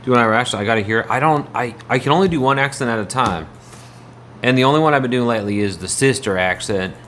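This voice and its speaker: A man's voice: medium pitch, fast, a bit bright, slight background noise. A man livestreaming, chatting casually in a rambling way and answering his viewers' messages.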